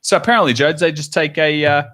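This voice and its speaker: A man's voice: fairly high pitch, quick pace, bright, forceful tone. An Australian man hosting a casual podcast chat, joking and reading out listener comments. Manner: jokey, chatty, reads viewer comments aloud. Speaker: podcast host. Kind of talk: casual live-stream chat.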